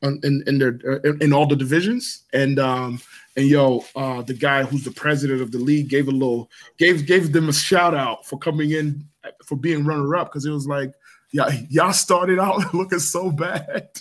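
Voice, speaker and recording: A man's voice: medium pitch, fairly even intonation, moderate pace. A middle-aged man co-hosting a casual chat, talking in a slangy, laid-back way and laughing often. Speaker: podcast co-host.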